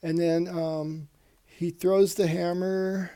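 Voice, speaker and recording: A man's voice: sits high, level tone, slow, warm tone, smooth. A man hosting a casual comic book review show, rambling and reading panels aloud in put-on voices.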